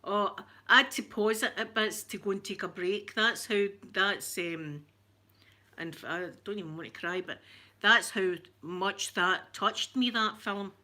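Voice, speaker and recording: A woman's voice: mid-range voice, unhurried, bright, forceful tone. A woman chatting casually with viewers on a stream, open and emotional about her feelings. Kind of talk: casual chat answering viewers.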